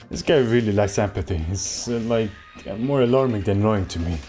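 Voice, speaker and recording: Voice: medium pitch, a little fast, mellow, soft background music. A game streamer chatting casually and playfully, thanking viewers during a live stream.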